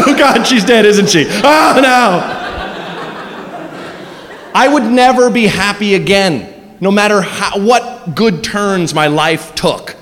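A male stand-up comedian telling a story in an animated, laughing way. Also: high-pitched, slow pace, in a large hall.

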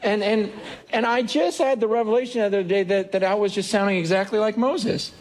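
A male pastor preaching with a fairly high voice. He talks earnestly and conversationally in front of his congregation and stumbles over repeated words now and then. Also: fairly even intonation, a little fast. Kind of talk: sermon.

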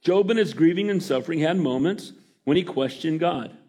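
A middle-aged man preaches a sermon with a fairly high voice. He keeps calling for amens and acts out the people he quotes with lively energy. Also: normal speed, slightly rough. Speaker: pastor.

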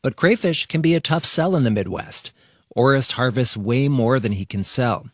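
A man reporting a news feature for radio in a measured, even narration. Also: medium pitch, dry recording, clean studio sound.

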